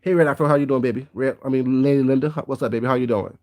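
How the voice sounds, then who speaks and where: A man's voice: medium pitch, fairly even intonation, very fast, darkish tone. A man hosting a casual livestream, giving blunt, gossipy commentary and greeting viewers by name. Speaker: livestream host.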